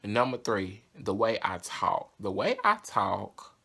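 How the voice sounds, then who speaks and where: A man's voice: lowish voice, very animated, takes it slowly, vocal fry, pushed and bright, breathy edge. Sassy young man with a Southern drawl. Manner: chatty, candid and sassy. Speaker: vlogger. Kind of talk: casual confessional vlog.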